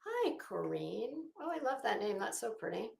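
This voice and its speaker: A middle-aged Florida woman with a Southern accent hosts a casual livestream, talking frankly, swearing freely and greeting viewers by name. Her mid-range voice is very animated, carries vocal fry and a slightly mellow quality, and moves at a moderate pace in an echoey room.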